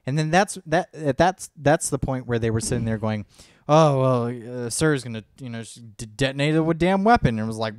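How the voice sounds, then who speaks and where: Young man, podcast co-host, casual rambling story, dry recording, mid-pitched. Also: brisk, no echo. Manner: rambling, animated retelling with acted-out quotes.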